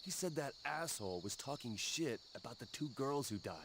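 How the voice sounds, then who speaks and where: A man voicing a brash, gruff teenage delinquent boy who curses and flares up fast, in video game dialogue. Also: mid-range voice, expressive, background noise, natural voice. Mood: annoyed. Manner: gruff, cursing, quick to anger. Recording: game dialogue over loud music. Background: game music.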